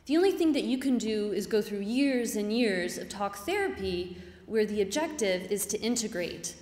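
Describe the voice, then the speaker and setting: A woman's voice: mid-range voice, expressive, normal speed, a little mellow. A woman giving an earnest, reflective personal story on stage before a live audience. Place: stage in a hall. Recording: reverberant hall.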